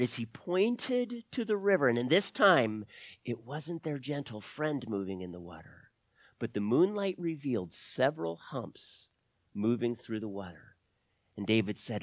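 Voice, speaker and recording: A man's voice: mid-range voice, very animated, measured pace, dry recording. A man telling an adventure story expressively, sometimes dropping to a whisper.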